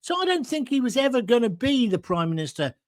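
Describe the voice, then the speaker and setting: Host, combative sarcastic rant, pitch jumping all over. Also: male voice, very animated, fast talker. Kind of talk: political opinion rant.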